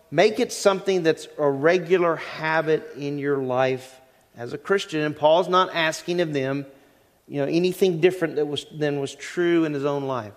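A middle-aged man preaching a sermon in a conversational way, asking the congregation questions and slowing down on key phrases. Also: on the high side. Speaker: pastor. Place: church sanctuary. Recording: church sanctuary with long reverb.

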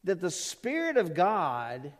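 A man preaching a sermon as pastor, earnest, with emphatic rising peaks and quieter asides. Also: high voice, huge pitch swings, slow pace. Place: church sanctuary. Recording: long reverb of a church hall.

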